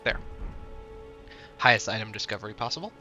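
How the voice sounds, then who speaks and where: A man's voice: lowish voice, a little fast, sharp tone, highs cut off. A man giving casual gameplay commentary, grumbling and easily frustrated as things go wrong. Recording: game music behind voice.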